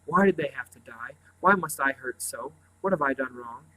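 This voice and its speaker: A heartbroken country boy who has just lost his dogs, grief turning to defiance, as a man reading a storybook puts him on. The voice is bright and a little subdued, and it reads like the reader's own. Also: medium pitch, brisk, close to an everyday voice, poor audio. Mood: grieving.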